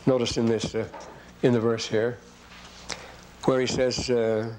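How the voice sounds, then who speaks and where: A man's voice: mid-range voice, level tone, measured pace, darkish tone, slight background noise, poor audio. An older man giving a classroom lecture, reading verses aloud and breaking in with rambling comments to his students.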